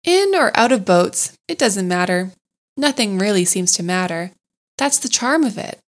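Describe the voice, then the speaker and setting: A woman's voice: mid-range voice, expressive, lightly acted. A woman voicing a cheerful, enthusiastic male water rat in a storybook reading, with a hearty, exclaiming manner. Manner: hearty, exclaiming, rapid lists. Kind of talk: storybook character voice.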